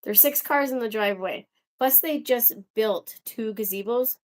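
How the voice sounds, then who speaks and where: A woman's voice: on the high side, moderate pace. A young woman hosting a casual livestream, chatting to viewers in a rambling, exasperated way. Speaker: livestream host.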